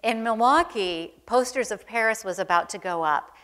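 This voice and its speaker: A woman's voice: fairly high pitch, normal speed, fairly bright tone. A middle-aged woman speaks as the guest curator at a museum talk, trading anecdotes before an audience. Her delivery is chatty and self-deprecating, full of small ums and asides. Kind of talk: onstage conversation, anecdotal storytelling.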